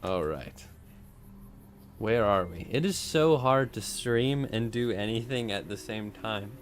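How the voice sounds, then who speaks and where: Male voice actor streaming a game, casual and self-mocking, quick to laugh. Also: lowish voice, animated, a little hiss or hum.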